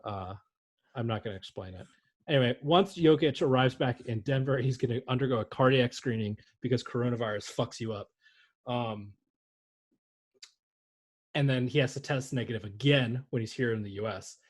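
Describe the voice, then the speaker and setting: A man's voice: mid-range voice, moderate pace, breathy edge. A man co-hosting a casual sports podcast, rambling and joking with frequent swearing. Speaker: podcast co-host.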